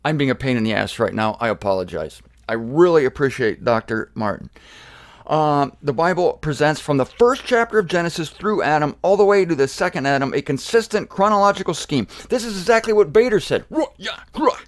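A man's voice: a little high, animated, brisk, dry recording, studio quality. A man giving a casual Bible lecture, reading quotes and breaking off for joking, self-deprecating asides. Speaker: Bible teacher.

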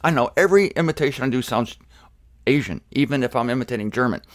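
A male Bible teacher reads from an article and comments in a loose, joking way. He pokes fun at himself between the quotes. His voice sits at an ordinary pitch in a dry, close recording. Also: fast, dry recording. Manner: joking asides, self-deprecating. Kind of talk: casual Bible lecture.

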